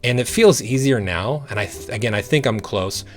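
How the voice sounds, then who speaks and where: A man explains a language-learning method in a patient, encouraging way. He repeats sounds slowly to show each step. Faint guitar music plays underneath. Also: medium pitch, animated.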